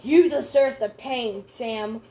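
Slow-talking woman yelling at a video game. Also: fairly high pitch. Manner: excitable, repeats "bro" and "man", shouts at the screen. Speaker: gamer. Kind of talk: let's play commentary.

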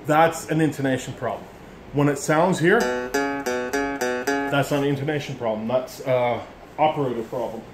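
A man's voice: medium pitch, fairly even intonation, normal speed, long pauses. A middle-aged man giving a casual music lesson, explaining bluntly and rambling, calling himself an ass for it. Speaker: instrument teacher. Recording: echoey room with instrument playing.

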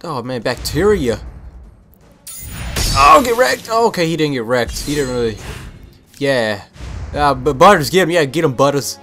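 A young man giving casual let's-play commentary, full of excited, puzzled exclamations. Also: fairly high pitch, moderate pace, long pauses. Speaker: gameplay commentator. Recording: game music under voice.

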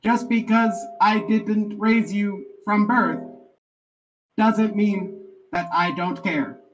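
Brief: improviser as robotic text-to-speech stepdad, flat clipped delivery, unhurried. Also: female voice, medium pitch, soft background music, natural voice, low-quality recording. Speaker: improv player.

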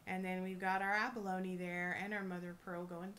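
A woman reselling jewelry, chatting casually and gushing with excitement as she unboxes a thrift lot. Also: lowish voice, moderate pace, few pauses, a little hiss or hum. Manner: gushing, excitable, lots of oohs and little laughs.

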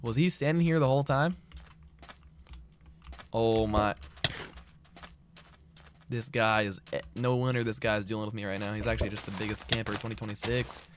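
A man's voice: on the low side, normal speed, pauses often, noisy background. A man streaming a game, chatting casually in a loose, slangy, rambling way as he answers his chat. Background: keyboard clicks and typing.

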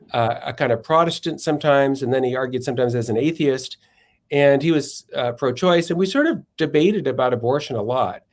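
A man's voice: mid-range voice, darkish tone. A male philosopher and author, a guest on a podcast, telling stories thoughtfully and sometimes searching for words. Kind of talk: podcast interview, storytelling.

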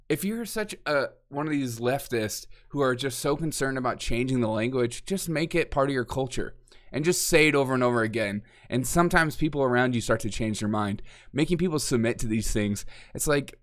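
Mocking, exasperated male commentary host. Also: mid-range voice. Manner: mocking, exasperated, laughs often and acts out quotes. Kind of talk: casual opinion monologue.

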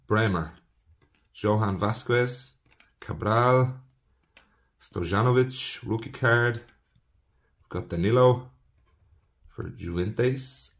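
Guy, young, low-ish voice, easygoing card-break host chatting to viewers and listing names. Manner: chatty, talks to viewers as folks, rattles off player names. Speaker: trading card box breaker. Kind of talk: casual card-opening commentary.

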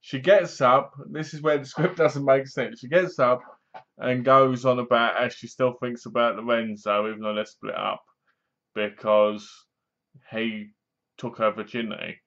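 A man's voice: mid-range voice, fairly even intonation, unhurried, creaky, fairly bright tone, muffled recording. A man reviewing a film in a casual, rambling way with wry humor. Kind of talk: casual spoken movie review.

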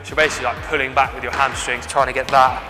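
A young man, a rugby winger explaining his sprint drills in a halting, casual way full of "like" and "basically". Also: mid-range voice, flat delivery. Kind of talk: casual demonstration chat. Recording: reverberant space with faint music.

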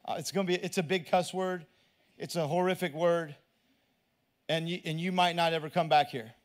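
A middle-aged man with a drawl preaches a sermon in a high voice for a man. He talks to the crowd like a friend, doubles back over his words and keeps asking them questions. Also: steady tone, moderate pace. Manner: conversational, repeats words, asks the crowd questions. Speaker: pastor.

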